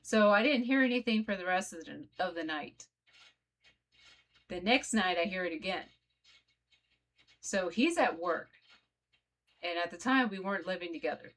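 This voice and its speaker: Woman vlogger, slightly low voice, casual storytelling straight to camera. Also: animated, normal speed, long pauses, a bit bright. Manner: conversational, addresses viewers directly.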